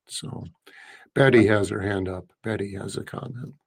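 A man's voice: lowish voice, moderate pace, gravelly. A man co-hosting a faith talk show, talking conversationally with fillers and taking questions from callers. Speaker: host.

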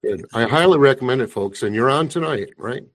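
A man's voice: mid-range voice, expressive, fairly quick. A man hosting a talk show, chatting with his guest in an easygoing, plain-spoken way.

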